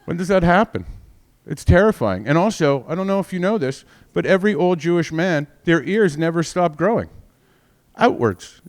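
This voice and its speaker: A man's voice: on the high side, animated, moderate pace, darkish tone. A man in his forties doing a stand-up comedy set, rambling and profane, constantly mocking himself. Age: 40s.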